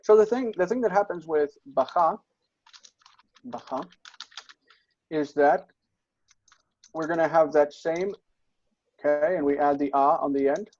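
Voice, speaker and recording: A man's voice: fairly high pitch, moderate pace, a little mellow, dull audio. A man tutoring Biblical Hebrew grammar, patient and explanatory, checking in often with his students. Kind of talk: online tutoring session.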